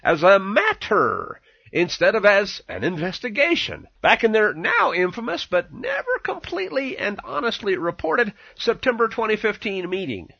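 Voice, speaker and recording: A man delivers sarcastic political commentary in a mocking, theatrical way. His voice is high, bright and husky, and it leaps around in pitch. The recording is dry and dull. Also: wildly swooping pitch, normal speed, no room sound. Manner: mocking, theatrical, swinging emphasis.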